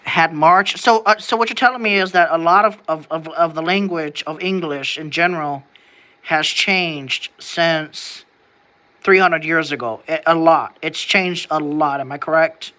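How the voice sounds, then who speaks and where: Talking loosely to the camera, this American vlogger wanders from thought to thought, breaking off and restarting as the questions mount, with a casual curse here and there. A bright, edgy, medium-pitched voice keeps an unhurried pace.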